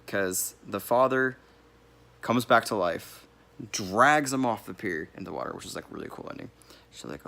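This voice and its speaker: A man's voice: on the low side, animated, moderate pace, vocal fry, bright, forceful tone. A man giving a casual, rambling movie review, correcting himself as he goes and laughing here and there. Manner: laughs now and then while talking.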